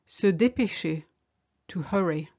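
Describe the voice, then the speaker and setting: Low-voiced woman teaching French, slow and clear. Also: dark tone, highs cut off. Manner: clear, deliberate, slows down to model French phrases. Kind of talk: language lesson.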